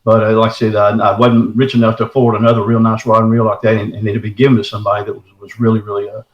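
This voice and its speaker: A middle-aged man tells his own story in a casual, folksy way, dropping "man" into his sentences. His voice sits a little low. The room gives his voice a noticeable echo. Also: racing, highs cut off. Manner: folksy, says "man" often, animated retelling. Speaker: guest telling his encounter. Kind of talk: casual first-person storytelling.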